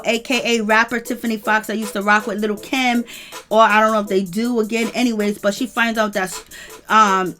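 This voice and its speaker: A woman's voice: on the high side, a bit bright. A woman hosting a reality TV recap in casual gossip style, opinionated and chatty, with lots of "you know" fillers.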